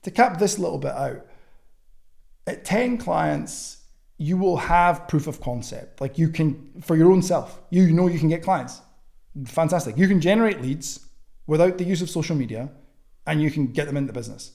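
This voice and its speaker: A young man coaches other trainers in a casual, blunt voice that swears freely. His tone is warm and mellow, and he sits a little high for a man. He keeps switching into quick acted-out chat lines. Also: animated, vocal fry. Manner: blunt, sweary, acts out chats in quick bursts. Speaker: online fitness coaching mentor. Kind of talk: casual teaching with acted-out message examples.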